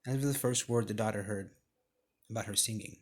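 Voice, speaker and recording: A man giving a motivational speech in a casual, profane way, building to forceful emphasis. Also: on the low side, fairly quick. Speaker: motivational speaker.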